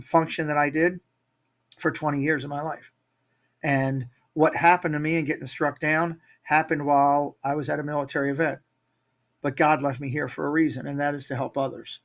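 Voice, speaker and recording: A man with an upbeat, motivational manner, telling stories as a guest in a casual interview. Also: fairly high pitch. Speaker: guest, Disney YouTube creator.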